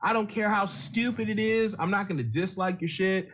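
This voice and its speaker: A man's voice: high voice, normal speed, fairly bright tone, lo-fi sound. Laid-back man laughing through casual podcast chat. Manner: laughs often, easygoing, rambling. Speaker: gaming YouTuber and podcast co-host.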